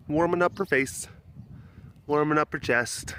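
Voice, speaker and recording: Brisk and animated, this vlogger has a sharp-toned, mid-range voice as he wanders the animal enclosures at a big cat sanctuary for a casual outdoor webcast. He rambles, cracks jokes, and fills gaps with fillers. There's a little hiss or hum, and wind catches his handheld or camera mic.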